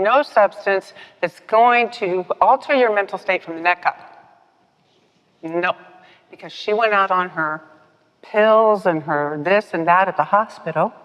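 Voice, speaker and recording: An older woman speaking at a recovery meeting, telling her story in a lively, self-mocking way and laughing often. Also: mid-range voice. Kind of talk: personal storytelling talk. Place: meeting hall with podium. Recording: dull, echoey hall recording.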